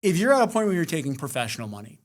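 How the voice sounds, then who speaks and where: A man's voice: on the high side, very animated, rapid-fire. Blunt, casually swearing male co-host. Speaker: podcast co-host. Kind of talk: casual chat.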